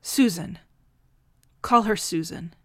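A woman playing a brisk, affectionate time traveller. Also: mid-range voice, a bit bright, no room sound, studio quality. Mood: brisk, fond. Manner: brisk and fond.

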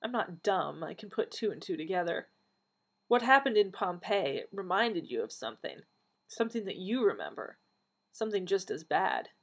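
A feisty, blunt woman who teases and exclaims, as a female reader puts her on. Her voice jumps up in pitch and volume with a husky edge, storybook style. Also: sing-song, normal speed, full character voice.

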